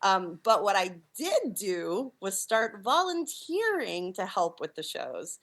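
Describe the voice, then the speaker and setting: A middle-aged woman, a puppeteer and clown, telling stories in a casual interview, animated and laughing often as she acts out quoted lines. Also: medium pitch, takes it slowly.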